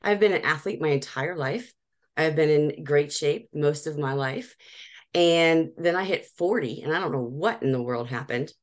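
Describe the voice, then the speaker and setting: Woman in her forties, low voice, animated interview guest who laughs often. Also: normal speed. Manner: animated storyteller, frequent laughs and restarts. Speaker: professional organizer, guest. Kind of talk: casual interview chat.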